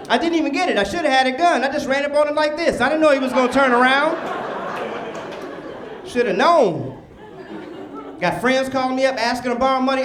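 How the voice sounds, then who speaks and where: High-voiced man doing loud stand-up. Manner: loud, animated, playful with crowd. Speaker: stand-up comedian. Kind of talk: stand-up comedy set. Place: comedy club stage before a live audience. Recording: noisy club recording with crowd. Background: audience laughter and cheering.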